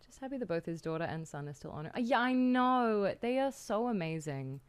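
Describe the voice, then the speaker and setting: A woman's voice: medium pitch, animated, a little fast, smooth. A young Australian woman chatting casually on a live stream, giggling and reading out her chat.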